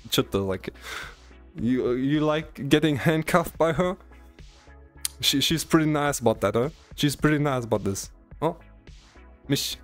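A man with a German accent, a streamer chatting casually and teasingly with his viewers, stammering and restarting often, his voice a little worn. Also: mid-range voice. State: strained voice. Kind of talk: casual live-stream chat.

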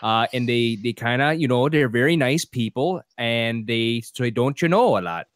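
A man's voice: mid-range voice, normal speed, fairly bright tone, clean tone, dry recording, clean studio sound. A man from California on a casual chat panel, joking and telling stories. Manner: joking, storytelling.

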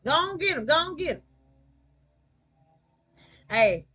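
A woman hosting a livestream, chatting casually and cheering on her teammate with excited, slangy play-by-play. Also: sits high, slow pace, lo-fi sound. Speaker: livestream gamer host. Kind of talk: casual gaming chat.

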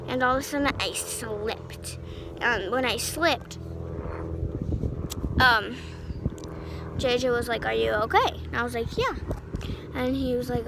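Teen girl vlogger, high-pitched, chatty and rambling, noticeable background noise. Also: creaky. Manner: rambling, many "like" fillers. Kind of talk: casual storytime.

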